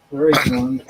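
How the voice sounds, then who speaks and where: A man's voice: a little high, heavy background noise. A man chatting casually and chuckling as a woodworking vlogger outdoors. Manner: laid-back, chuckling, blokey. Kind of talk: casual chat.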